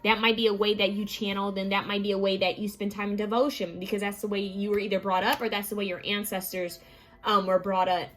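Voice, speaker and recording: A woman who has just woken up, giving a relaxed pick-a-card tarot reading and musing aloud to her viewers. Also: mid-range voice, quick pace, soft background music. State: just woke up. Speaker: tarot reader.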